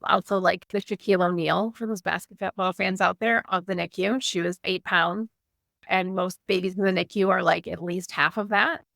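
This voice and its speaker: A woman's voice: fairly low pitch, steady tone, moderate pace, gravelly, fairly bright tone, dry recording, studio quality. A woman in her thirties, a guest telling her personal story in an interview, candid and earnest, with lots of "like". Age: 30s.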